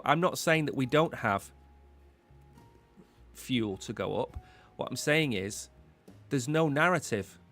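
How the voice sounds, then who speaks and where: A man's voice: medium pitch, a bit bright. Male host, casual live market commentary, rambling and conversational, mid-range voice, faint music underneath. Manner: chatty, rambling, repeats words while thinking.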